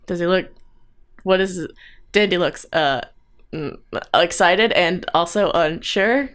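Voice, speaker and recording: A woman playing in a tabletop role-play, giggly and animated. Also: lowish voice. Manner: giggly, animated, slow-spoken. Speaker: player.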